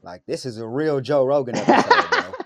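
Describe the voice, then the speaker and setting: A man's voice: medium pitch, wildly swooping pitch, fairly quick, fairly bright tone. A man hosting a casual interview in a laid-back way, calling his guest "bro". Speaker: podcast host.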